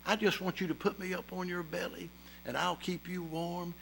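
A man's voice: high voice, level tone, moderate pace, creaky, fairly bright tone, slight background noise. A man voicing a lying snake in a sermon story, persuasive and insistent. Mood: coaxing. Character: sly coaxing male snake, a smooth liar.

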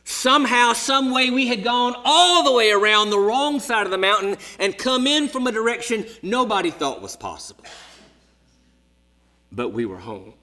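A man in his sixties preaching a sermon as a story, dramatic, dropping to hushed whispers and rising to shouts. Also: extremely high pitch, expressive, moderate pace. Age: 60s.

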